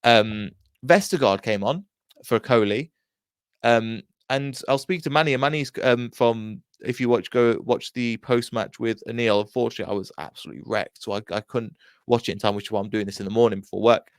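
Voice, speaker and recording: A man's voice: medium pitch, fairly quick, clear, resonant tone, no echo, clean studio sound. A young man from England, host of a fan channel, rambling through a casual solo match review with many restarts and acted-out quotes.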